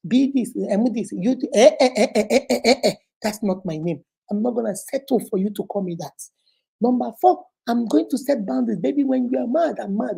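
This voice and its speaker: Nigerian lady preaching life advice, low mellow voice, kinda husky, keeps repeating herself for emphasis. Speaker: motivational speaker and host. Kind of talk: motivational advice talk.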